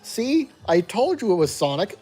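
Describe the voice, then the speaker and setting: A player reading a gamebook aloud, putting on the voice of an excitable, theatrical warthog tribe leader. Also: medium pitch, moderate pace, breathy edge, faint music behind.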